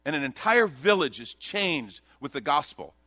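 A man preaching a sermon in a conversational, animated way, often acting out the people he quotes. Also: a little high, normal speed, no room sound. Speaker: pastor.

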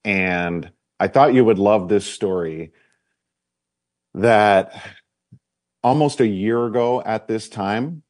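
Low-voiced easygoing sports talk host man. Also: takes it slowly, pauses often, darkish tone, no echo, studio quality.

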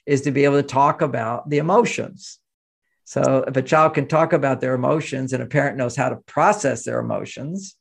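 Gravelly older man, animated storyteller. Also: mid-range voice. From United States. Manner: animated storyteller, acts out quoted voices. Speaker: guest. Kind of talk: interview conversation.

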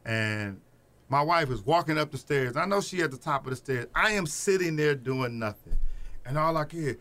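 A middle-aged man from Peoria, speaking as a guest in a casual podcast interview, an animated storyteller who laughs as he talks about his family. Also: medium pitch, a little fast. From Peoria, Illinois. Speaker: guest, Head Start program director.

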